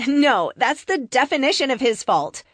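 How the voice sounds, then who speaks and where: A woman voicing a sharp-tongued young heroine who teases her teammates. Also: high-pitched, very animated, no echo, clean studio sound, pitched above the performer's own voice. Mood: teasing. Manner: teasing and quick.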